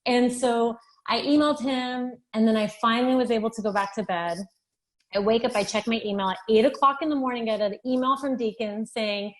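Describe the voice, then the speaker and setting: A woman's voice: a little high, moderate pace, rough recording. Emotional woman telling a personal story. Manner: animated storytelling, acting out dialogue; emotional, tearful at times. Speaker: physician assistant, interview guest. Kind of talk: podcast interview, personal testimony.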